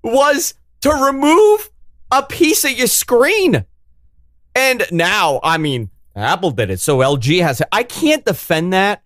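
A man's voice: high voice, slow pace, no room sound, clean studio sound. A man with a New York accent ranting and swearing in a casual podcast chat. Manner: profane, ranting, animated. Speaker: podcast co-host.

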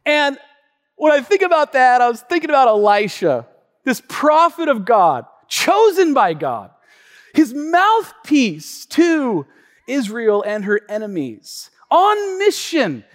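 A man's voice: very high voice, takes it slowly. Man preaching in a reverberant hall. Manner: storytelling, swings from quiet asides to excited, loud retelling; frequent restarts and stumbles. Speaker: pastor. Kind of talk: sermon. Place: church hall. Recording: long reverb of a church hall.

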